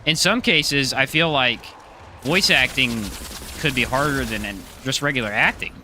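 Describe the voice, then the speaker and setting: A man's voice: medium pitch, normal speed, sharp tone, a little hiss or hum. A man streaming a live game, chatting casually, joking and answering his chat. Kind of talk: casual live gameplay commentary.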